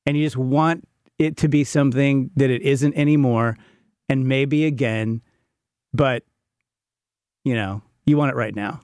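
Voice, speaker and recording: A man's voice: mid-range voice, fairly even intonation, unhurried, long pauses, darkish tone, clear, resonant tone, dry recording, clean studio sound. A man in his fifties, chatting candidly as a podcast co-host and poking fun at himself while telling stories. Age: 50s. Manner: candid, self-mocking storyteller. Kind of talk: casual chat.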